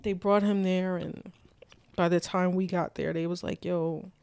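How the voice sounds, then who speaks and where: Young adult guest with a mid-pitched voice, telling a story in loose, filler-heavy speech, dry and close. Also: flat delivery, unhurried, darkish tone, smooth, no room sound. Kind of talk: casual personal storytelling.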